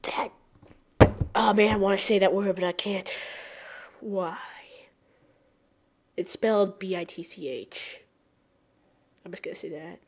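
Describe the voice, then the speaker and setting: A woman's voice: mid-range voice, steady tone, measured pace, long pauses, slight background noise. A woman reading a fan fiction aloud, breaking off often for exasperated, sarcastic asides. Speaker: story reader.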